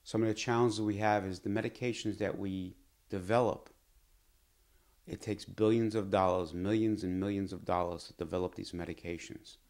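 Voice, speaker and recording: A middle-aged doctor tells his own story in a measured, earnest way. His voice sits very low and deep. He speaks reflectively, like someone looking back on a lesson he has lived by. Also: fairly even intonation, darkish tone. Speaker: physician and pharma executive. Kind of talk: personal storytelling to camera.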